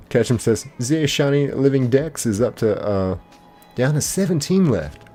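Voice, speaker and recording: A laid-back young man hosts a live game stream in a loose, chatty manner, reading out comments and greeting viewers by name. His voice sits a little low and has a mellow, relaxed tone, with soft music playing underneath. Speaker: livestream host.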